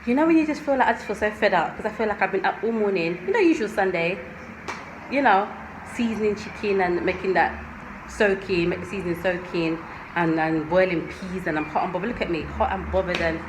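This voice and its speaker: A woman chatting and ranting in a casual home vlog from her kitchen. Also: lowish voice. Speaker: vlogger. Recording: noisy home recording.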